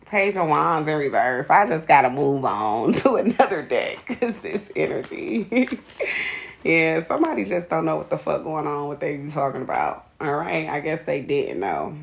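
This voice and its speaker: A woman's voice: low voice, very animated, normal speed, gravelly. A woman giving a live tarot reading, blunt and profane, greeting viewers by name. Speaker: tarot reader.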